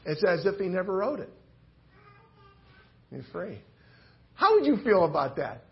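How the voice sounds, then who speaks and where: A man's voice: sits high, sing-song, a little slow, muffled recording. A male preacher giving a sermon, talking animatedly and acting out the story in different voices.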